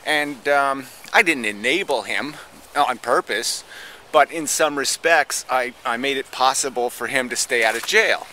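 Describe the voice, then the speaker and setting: A man's voice: mid-range voice, a little slow, sharp tone, slight background noise. A man in a heated debate monologue, ranting angrily with heavy swearing and many stop-start restarts. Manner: angry, profane ranting; hesitant restarts with frequent fillers. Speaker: debate participant.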